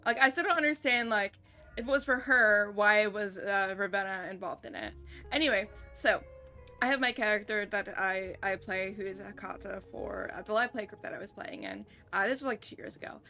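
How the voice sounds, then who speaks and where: A woman streamer talks casually while she plays a game. Her voice is bright and forward, and she rambles with lots of fillers. Faint music sits behind her. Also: mid-range voice, brisk. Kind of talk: casual gameplay chat.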